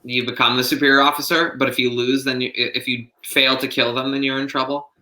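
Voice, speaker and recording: A man's voice: mid-range voice, level tone, quick pace, bright, forceful tone. A man co-hosting a casual podcast discussion, thinking aloud with lots of fillers. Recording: roomy echo.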